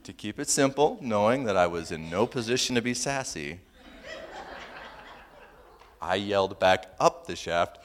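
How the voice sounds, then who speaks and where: A male pastor preaching a sermon, humorous and animated, moving between loud punchlines and quiet, earnest asides. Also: lowish voice, a little slow. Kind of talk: sermon with personal storytelling.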